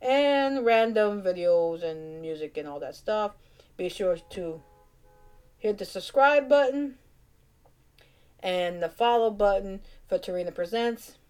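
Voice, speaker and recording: A woman's voice: lowish voice, a little slow, a little mellow, smooth. A woman with a Cajun accent hosting her own casual vlog, chatting through her picks in a playful, muttering way. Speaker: vlog host.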